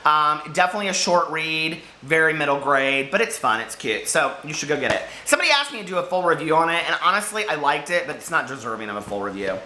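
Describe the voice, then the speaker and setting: A man's voice: on the high side, very animated, fast, hardly any pauses, pushed and bright, reverberant, slight background noise. A man chatting casually about books he read this week, rambling and giggling, overheated in a hot room. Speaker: book vlogger. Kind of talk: casual chat.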